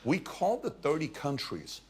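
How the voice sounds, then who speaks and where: A man explaining economics through a salesman's hypothetical, animated and persuasive. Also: fairly high pitch, measured pace.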